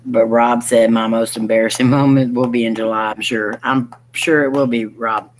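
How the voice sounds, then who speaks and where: A woman's voice: a bass voice, steady tone, normal speed, slight background noise, rough recording. A woman in casual chat, telling a story with easy laughter.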